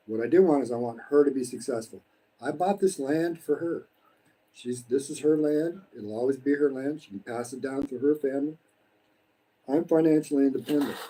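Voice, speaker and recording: A man's voice: mid-range voice, dark tone, poor audio. A man in his sixties from the United States, talking bluntly and preachily in a casual live-stream while eating, swearing freely. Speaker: vlogger. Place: home in the Philippines.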